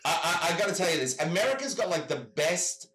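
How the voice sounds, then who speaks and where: A man with an Australian accent tells rambling stories, over and over saying he has to tell you something. His voice is bright and a little high, and it rings in an echoey room. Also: animated, fast talker. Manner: rambling storyteller, repeats "I gotta tell you". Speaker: guest. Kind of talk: casual chat. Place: home in Michigan.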